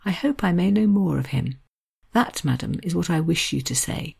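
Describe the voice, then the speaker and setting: A woman reading aloud plays a wry young gentleman, teasing in a dry, mock-serious way. The voice sits slightly raised over her own deep, gravelly, breathy register, mellow in tone. It is a classic novel scene read by one reader. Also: expressive, normal speed, heavily acted. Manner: dry, playful mockery.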